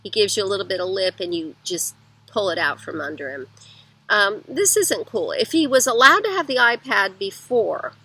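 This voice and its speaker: A woman's voice: mid-range voice, expressive, normal speed, bright, forceful tone, husky, low-quality recording. A middle-aged woman giving parenting advice in a conversational teaching talk, going through her points one by one.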